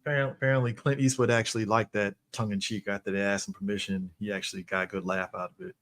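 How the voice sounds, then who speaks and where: A man co-hosting a casual movie podcast, rambling and expressive. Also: on the low side, racing. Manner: rambling, expressive, laughs easily. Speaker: podcast co-host.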